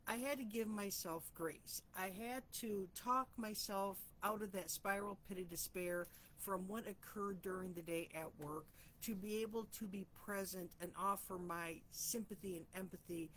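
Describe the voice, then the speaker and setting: Woman host, heartfelt and wandering, thinks aloud, mid-pitched voice, faint hiss behind. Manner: heartfelt, rambling, self-searching. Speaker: host of a reflection channel. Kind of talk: personal reflective talk.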